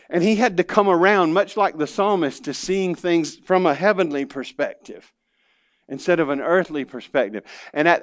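A male pastor preaches in an earnest sermon, moving between soft, low asides and emphatic, raised lines. His voice sits fairly high for a man. The sound is close and dry. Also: no echo. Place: church.

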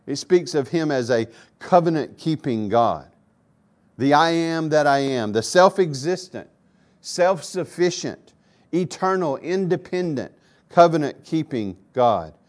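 Male pastor mid-sermon in a church, emphatic, repeats key phrases, dynamic from soft to loud. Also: a little high, lively intonation, measured pace.

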